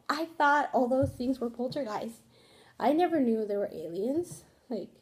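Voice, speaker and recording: Young female vlogger, loose rambling chat, slightly high, mellow tone. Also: expressive, moderate pace. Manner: rambling, candid, swears casually, frequent fillers. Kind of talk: casual rambling vlog.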